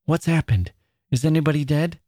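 A husky, breathy prairie farm woman, as a male reader puts her on, earnest and warm, her raised voice lifting well above his usual low tone. She bursts out in eager, startled cries, recorded close and dry, with no room sound. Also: moderate pace, no echo, natural voice. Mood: excited, alarmed.

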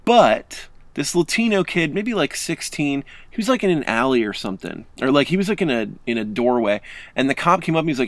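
A man's voice: mid-range voice, sing-song, brisk, no echo. A young man co-hosting a podcast, telling stories in casual chat, laughing and acting out quotes. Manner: laughing storyteller, acts out quotes. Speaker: podcast co-host.

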